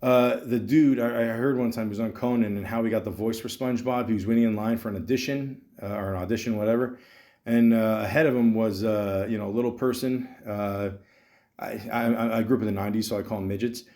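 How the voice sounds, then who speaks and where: Here a Canadian man in his thirties hosts a podcast, talking a little fast in a lowish, steady, dark voice. The story he tells is meandering and profane, loaded with fillers.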